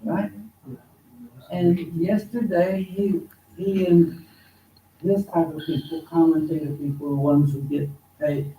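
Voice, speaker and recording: A man teaching an informal religious study class at a mosque, talking slowly and conversationally and repeating words for emphasis. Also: on the high side, flat delivery, dark tone. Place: mosque hall. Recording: echoey hall, distant mic, faint noise.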